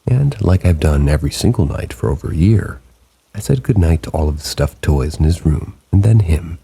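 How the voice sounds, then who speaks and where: A man narrating submitted true ghost stories in a slow, hushed late-night storytelling manner. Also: animated. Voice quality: very deep gravelly voice. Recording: rain sounds behind the voice.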